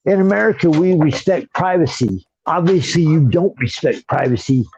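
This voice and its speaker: Male host, higher pitch, ranting asides; dry, dull lo-fi mic. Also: moderate pace, vocal fry, a little mellow, slight background noise. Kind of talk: casual chat.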